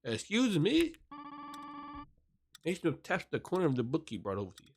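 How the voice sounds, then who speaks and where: A man serving as game master, narrating a tabletop role-playing scene in a descriptive, unhurried way, sometimes stumbling over words. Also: medium pitch, big pitch swings, background noise. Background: music.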